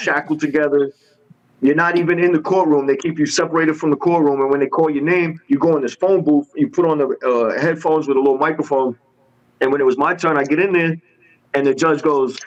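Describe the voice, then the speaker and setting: Podcast guest: a man spinning a story, slangy and animated, voice sitting a bit high, on a dull lo-fi recording. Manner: acts out dialogue in voices, street slang. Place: podcast studio.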